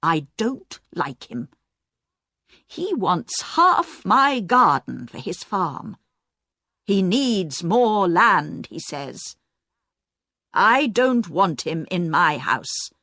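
Casting: blunt, stubborn woman of fifty, slow and emphatic, woman reader. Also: lowish voice, very animated, pushed and bright, no echo, studio quality, heavily acted. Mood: complaining.

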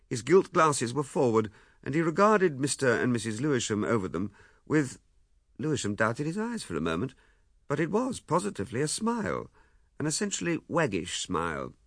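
A man narrating a novel aloud in a measured, expressive reading. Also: medium pitch, no room sound, clean studio sound. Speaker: audiobook narrator. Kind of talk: scripted narration.

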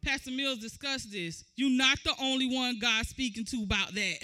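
A woman preaching a sermon, moving from conversational teaching to loud, shouted exhortation. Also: a little high, moderate pace.

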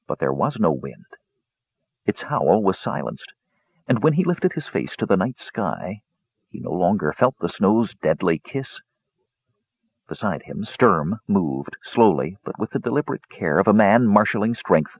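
A man reading a fantasy story aloud in expressive scripted narration, giving each character a voice. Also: on the low side, a little slow, husky, no room sound, dull audio. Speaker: audiobook narrator.

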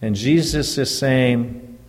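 Slow-preaching pastor in a reverberant hall. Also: male voice, mid-range voice, a little mellow. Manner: slow, deliberate preaching with emphatic rises. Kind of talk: sermon. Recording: long reverb of a church hall.

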